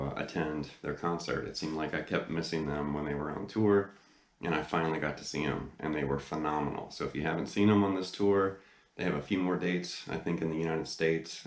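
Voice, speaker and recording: A man's voice: rumbling low, fairly even intonation, a little fast, reverberant. A man hosting a guitar lesson video, seated in front of a camera and chatting enthusiastically with lots of fillers. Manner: enthusiastic, rambling with many fillers. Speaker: guitar teacher, channel host. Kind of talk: casual video lesson talk. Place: indoor room, seated facing camera.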